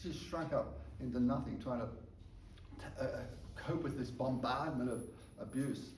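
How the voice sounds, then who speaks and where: Mellow-voiced man telling a story in an echoey room. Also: mid-range voice, moderate pace, slight background noise. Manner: animated storyteller who stumbles and repeats words. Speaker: preacher sharing a testimony. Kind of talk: storytelling sermon. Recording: echoey room, distant mic, faint ambience.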